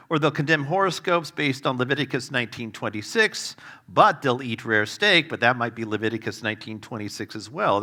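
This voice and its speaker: A man preaching a sermon as a guest speaker, conversational and humorous, with fillers and wry asides. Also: medium pitch. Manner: humorous storytelling, self-deprecating asides; conversational with fillers, varied loudness.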